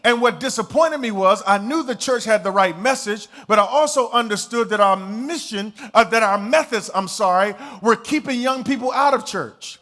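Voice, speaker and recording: A pastor with a strikingly high voice for a man delivers a sermon. He keeps it conversational and plain-spoken, then climbs into fervent, shouted emphasis to drive his points home. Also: moderate pace, few pauses.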